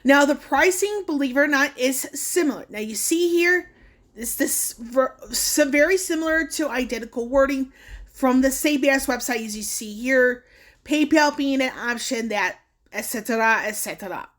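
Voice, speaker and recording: A woman's voice: high voice, normal speed, fairly bright tone. A woman vlogger talking casually through a screen recording, earnest and warning, with fillers and restarts. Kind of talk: casual screen-share walkthrough.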